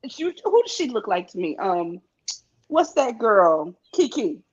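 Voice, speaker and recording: A woman with a fairly high voice chats animatedly, tossing in quick, laughing asides. The sound is a little dull and lo-fi, like a streamed call. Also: sing-song, breathy edge. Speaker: podcast co-host. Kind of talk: casual chat.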